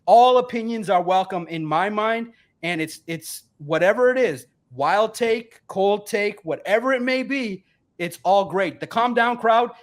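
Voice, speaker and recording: A man's voice: high-pitched, a little slow. A man in his forties, a sports writer guest, making his point emphatically and repetitively in a heated sports debate. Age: 40s.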